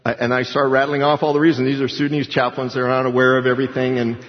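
Man preaching in an echoing hall. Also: mid-range voice. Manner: emphatic, conversational storytelling. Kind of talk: sermon. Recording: dull sound with long hall reverb.

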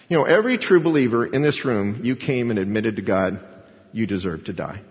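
A man preaching a sermon in a big echoing church, his voice carrying a long hall reverb. The sound is a bit dull and muffled. He swings between raised, emphatic lines and hushed asides. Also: medium pitch, expressive, fairly quick. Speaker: pastor.

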